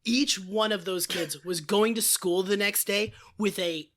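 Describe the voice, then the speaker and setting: A man with a husky, raspy, hoarse voice that is blown out, co-hosting a podcast in casual chat and telling stories with a rambling, self-mocking manner. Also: sits high, a little slow, fairly bright tone. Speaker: podcast co-host.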